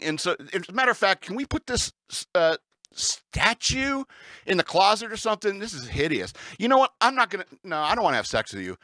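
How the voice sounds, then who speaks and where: A man hosting a comedic talk-radio show, telling a rambling, incredulous story with animated asides. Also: high voice, fairly quick, dry recording.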